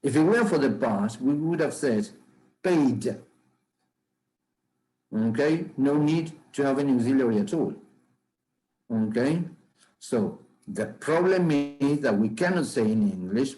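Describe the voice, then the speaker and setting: A man teaching a grammar class in a measured lecture, often checking understanding with "okay?" and "right?". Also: medium pitch, lively intonation, dark tone, rough recording.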